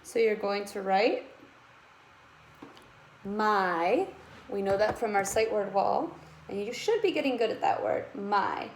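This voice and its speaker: Woman kindergarten teacher, unhurried, sounding out letters, roomy echo. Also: mid-range voice, slight background noise. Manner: slow, sounds out letters, encouraging. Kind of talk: remote writing lesson for young children.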